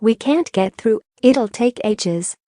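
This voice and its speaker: A woman reading the lines of a frightened young boy wizard in an audiobook, strained and hoarse. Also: fairly high pitch, expressive, slow pace, dark tone, no echo.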